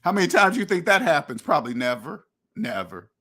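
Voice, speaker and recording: A man's voice: on the high side, sing-song, brisk, sharp tone. A man hosting a finance talk, lecturing bluntly and acting out imagined conversations, now and then swearing. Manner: blunt, preachy, acts out imagined dialogues; profane. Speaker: finance podcast host. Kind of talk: casual monologue.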